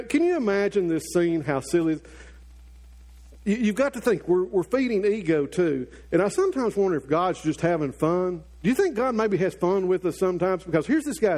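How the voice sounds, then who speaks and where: A middle-aged male pastor preaching a sermon, telling a story with lively acted-out quotes and asides to the congregation. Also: sits high.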